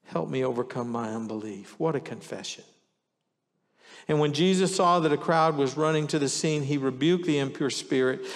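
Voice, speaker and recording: A man's voice: fairly high pitch, moderate pace, big-room sound. A man preaching a sermon in an earnest manner, reading scripture aloud with shifting emphasis. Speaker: pastor.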